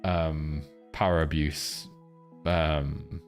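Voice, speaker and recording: Crude, joking man, deep voice. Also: steady tone, normal speed, a little mellow, soft background music. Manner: crude, joking, rambling banter with chat. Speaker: trading live streamer. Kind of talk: casual live-stream chat and chart lesson.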